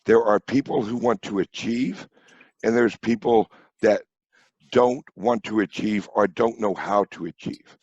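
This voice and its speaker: A man's voice: lowish voice, unhurried, darkish tone, breathy edge, dry recording, muffled recording. A middle-aged man from St. Louis telling blunt, profane stories in a casual podcast chat. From St. Louis, USA. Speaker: podcast guest.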